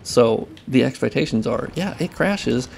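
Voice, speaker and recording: A man's voice: mid-range voice, expressive, a little slow, gravelly, darkish tone, slight background noise. A man talking casually and heatedly to camera as a game modder, ranting loosely and swearing. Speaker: modder and video creator. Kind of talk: casual talking-head commentary.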